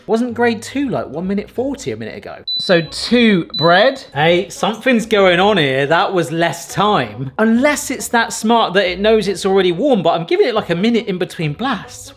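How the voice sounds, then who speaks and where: A man's voice: sits high, normal speed, hardly any pauses. Middle-aged guy testing a toaster, bouncy up and down voice, jokey, bit of music under it. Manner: chatty and self-mocking, with excited outbursts. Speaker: video host reviewing a toaster. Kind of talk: casual product-testing vlog.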